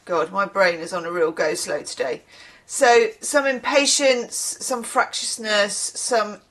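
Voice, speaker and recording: A woman reads tarot cards in a loose, chatty way, wandering off topic now and then. She sounds tired from a short night, and her pitch sits in an ordinary middle range. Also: slow pace, a bit bright. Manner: chatty, digressive, swears casually. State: tired from little sleep. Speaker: tarot reader. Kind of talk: casual tarot reading.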